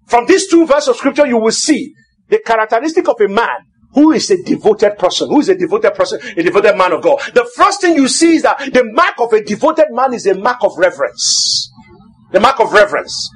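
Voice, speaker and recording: High-voiced pastor preaching. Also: male voice, very animated, fairly quick, husky. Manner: emphatic, repetitive, now and then shouting. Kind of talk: sermon.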